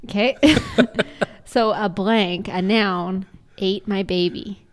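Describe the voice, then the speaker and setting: Giggly woman co-host, casual chatty storyteller, middle pitch. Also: steady tone, slow. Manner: giggly, laughs often while telling a story. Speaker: podcast co-host. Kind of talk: casual true-crime podcast chat.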